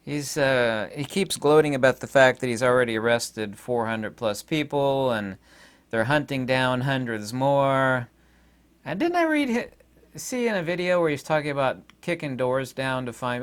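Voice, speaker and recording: A man's voice: medium pitch, big pitch swings, measured pace, clean tone. A middle-aged American man giving an indignant, rambling political monologue with sarcastic asides. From United States. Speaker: commentator.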